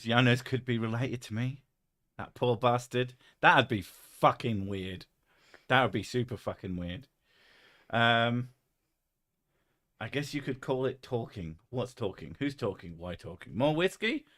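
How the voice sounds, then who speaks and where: A man's voice: medium pitch, animated, a little slow, a bit bright. A man with a London accent hosting a casual chat over whisky, blunt, swearing freely and laughing often. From England. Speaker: podcast host.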